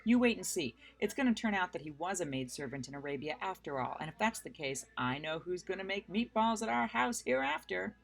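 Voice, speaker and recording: A woman voicing a bold, cheeky, fearless little girl while reading a children's book aloud, with a playful, lively delivery. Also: on the low side, fairly quick, gravelly, hardly any pauses. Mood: chatty. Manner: playful, lively, shifts between shrieks and hushed whispers.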